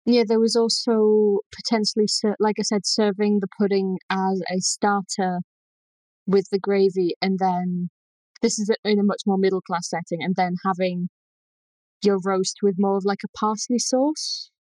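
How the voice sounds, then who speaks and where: A woman's voice: mid-range voice, steady tone, moderate pace, darkish tone, no echo, rough recording. A woman with a Lancashire accent explaining food history in a casual chat, thoughtful and full of ums. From Lancashire, England.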